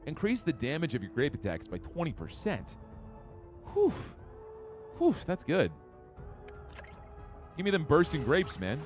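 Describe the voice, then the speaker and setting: An upbeat man commenting on his game live, his pitch swinging up and down. His voice sits a little high for a man, and he reads out game text in a chatty way. Faint music plays behind him. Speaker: streamer.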